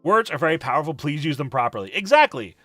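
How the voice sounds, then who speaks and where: A man's voice: fairly high pitch, very animated, fast talker, a bit bright, no room sound, soft background music. A man chatting on a live stream, emphatic and profane, ranting and reading chat messages aloud.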